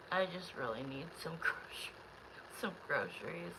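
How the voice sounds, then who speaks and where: A woman's voice: lowish voice, animated, moderate pace, heavy background noise. A woman hosting a live tarot stream, chatting loosely with viewers in a rambling way, frustrated and close to tears. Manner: rambling, talks straight to the chat.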